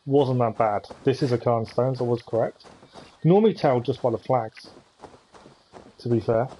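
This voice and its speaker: A man's voice: mid-range voice, moderate pace, mellow, a little hiss or hum, rough recording. A man chatting with viewers as he thinks aloud during a live-stream gameplay commentary.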